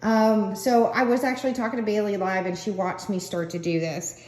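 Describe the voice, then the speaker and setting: An older woman crafter vlogging in a rambling, casual way, chatty and quick to laugh, with fillers between thoughts. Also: mid-range voice, steady tone, a little mellow. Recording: roomy echo.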